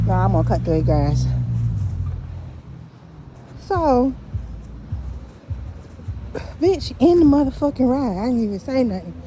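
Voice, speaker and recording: A woman telling a story in casual, profane, animated talk while walking outdoors at night, speaking into a phone. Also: mid-range voice, noisy background. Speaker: vlogger. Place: outdoors on a dark street at night.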